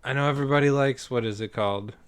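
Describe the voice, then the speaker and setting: A man's voice: medium pitch, fast, clean tone. Laid-back American man, laughing often. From United States. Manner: laughing, loose and profane. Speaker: podcast co-host. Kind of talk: casual chat.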